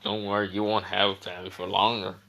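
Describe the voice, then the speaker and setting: A man acting out a menacing teenage ninja boy who gloats over his beaten rival. The taunts come slow and drawn out, in a lowish voice with a bright, pushing edge. It sounds like an everyday storyteller's voice more than a full character voice. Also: little pitch movement, gravelly, full character voice. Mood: taunting.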